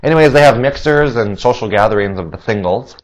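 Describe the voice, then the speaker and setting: A man's voice: expressive, brisk, lo-fi sound. A man hosting a solo podcast, a little nasal, chatty and rambling, laughing at his own jokes. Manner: acts out quoted voices in a higher pitch. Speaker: podcast host.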